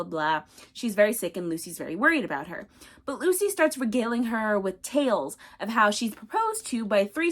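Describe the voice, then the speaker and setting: A woman's voice: fairly high pitch, a bit bright. Chatty rambling young woman. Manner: rambling, filler-heavy, chatty. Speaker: book reviewer. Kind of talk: casual book recap.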